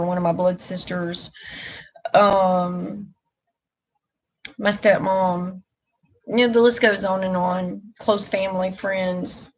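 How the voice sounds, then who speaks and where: Middle-aged woman rambling on a live stream, slow and candid, restarts a lot. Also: fairly low pitch, low-quality recording. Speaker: vlogger. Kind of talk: casual live stream chat.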